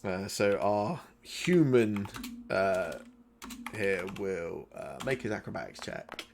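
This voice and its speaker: A man's voice: fairly low pitch, lively intonation, takes it slowly, gravelly, background noise. Man narrating a tabletop game, easygoing. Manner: loose, conversational narration full of fillers. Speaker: game master.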